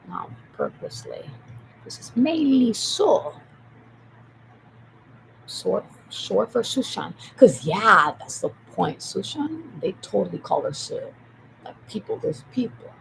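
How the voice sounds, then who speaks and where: A very gravelly, creaky voice that leaps up and down in pitch as the speaker rambles through a monologue while typing. The talk swings between hushed whispers and loud, emphatic outbursts, and the same points come back again and again. A clear noisy hiss sits behind the voice. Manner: repetitive, emphatic.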